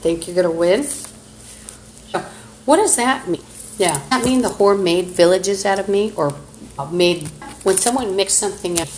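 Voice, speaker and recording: A woman's voice: medium pitch, normal speed, long pauses, darkish tone, roomy sound, slight background noise, poor audio. A woman on a phone live stream, talking in an agitated, rambling monologue full of profanity. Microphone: phone streaming app.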